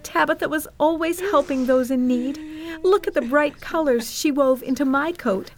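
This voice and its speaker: A woman's voice: high-pitched, normal speed, pitched above the performer's own voice, lightly acted. A woman doing a proud, grateful widow. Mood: admiring.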